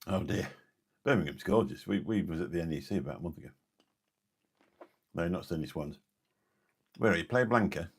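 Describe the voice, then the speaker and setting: A man's voice: deep voice, expressive, a little fast, long pauses, husky. A man from Lincolnshire, chatting casually and jokily on a late-night live stream, rambling between viewers' comments. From Lincolnshire, England. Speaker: live streamer reading chat.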